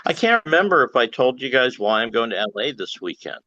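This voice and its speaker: A man talks in a lively way on a video call, his pitch rising and falling. He often trails off into fillers mid-thought. The call audio is dull and lo-fi, with a dry sound. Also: a little fast, no room sound. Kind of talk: casual chat.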